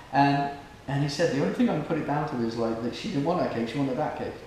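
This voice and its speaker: A man's voice: a little high, expressive, fairly quick, a little mellow. A man giving an informal spiritual lecture, telling stories and acting out the people in them. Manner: storytelling, acts out quoted people, laughs along with audience. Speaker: lecturer at a temple. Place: hall with an audience. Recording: very echoey room, noisy background.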